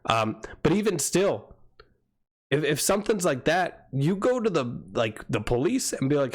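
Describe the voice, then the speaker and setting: A man's voice: a little high, big pitch swings, measured pace. A young man casually commenting on games during a livestream, rambling with crude, jokey asides. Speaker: streamer.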